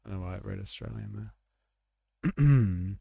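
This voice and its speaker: A man's voice: on the low side, measured pace, creaky, dark tone, breathy edge, no room sound. A man hosting a livestream, rambling through casual political commentary with sarcastic asides. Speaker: livestream host.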